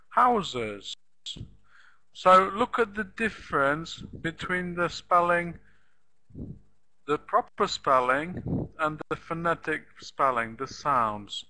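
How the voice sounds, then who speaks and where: A man teaching an elementary English lesson online, speaking slowly and patiently, repeating words and spelling them out letter by letter. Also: fairly high pitch, sharp tone, rough recording.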